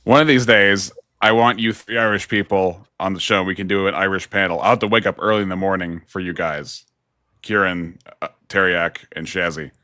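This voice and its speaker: A man with a lowish, bright, edgy voice talks as a guest on a livestream. He debates calmly and teases the host. The recording is dry and close. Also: fairly quick, no echo. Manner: calm, teasing, laughs at others. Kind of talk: casual debate chat.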